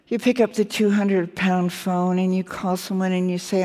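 A woman's voice: fairly low pitch, little pitch movement, dark tone. Candid woman in her sixties, onstage hall echo. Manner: candid, wry, slows down for emphasis. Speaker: guest author. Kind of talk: live onstage conversation. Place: onstage at a festival.

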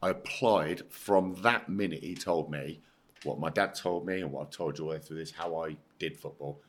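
A middle-aged man with an English accent and a very low, deep voice. He speaks bluntly and emphatically, swears freely, and acts out the voices of the people in his story. The tone is casual, like a guest talking on a chat show. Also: moderate pace. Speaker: podcast guest, former footballer.

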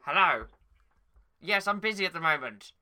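A man's voice: on the high side, lively intonation, normal speed, bright, forceful tone, clear, resonant tone. A young man bantering bossily in an improvised comedy sketch, teasing his partner.

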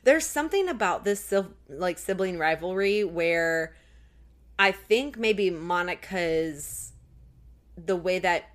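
A woman co-hosting a podcast, recapping an episode in casual chat full of "like" and quick acted-out lines. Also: fairly low pitch, animated. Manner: chatty, recounts scenes with lots of "like". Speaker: podcast co-host.

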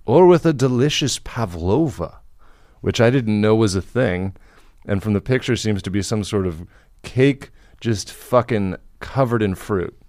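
A man's voice: lowish voice, animated, unhurried, a little mellow, no room sound, clean studio sound. A man co-hosting a comedy podcast, reading out a news story and riffing on it with laughs and casual swearing. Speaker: podcast co-host.

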